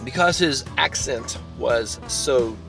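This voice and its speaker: A man with a mild Southern US accent talks through a casual vlog, rambling and restarting his sentences. His voice sits mid-pitch but sounds bright and forceful, with faint music underneath. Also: takes it slowly, gravelly. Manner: rambling, with frequent restarts and repeated words. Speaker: vlogger. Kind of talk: casual storytelling and phone call.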